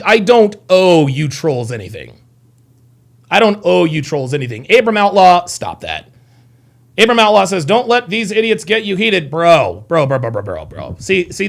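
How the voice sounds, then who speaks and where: A man's voice: sits high, vocal fry. A man live streaming, commenting on an article and his chat in a heated, profane way, often repeating himself and snapping back at commenters.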